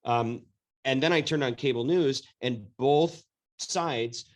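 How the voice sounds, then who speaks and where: A man's voice: medium pitch, slow. A man hosting an interview podcast, speaking thoughtfully with frequent restarts and fillers. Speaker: podcast host. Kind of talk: casual interview chat.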